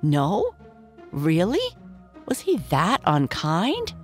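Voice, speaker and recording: A woman's voice: lowish voice, wildly swooping pitch, very slow, faint music behind, heavily acted. Woman voicing a plaintive jack-in-the-box. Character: broken male jack-in-the-box toy.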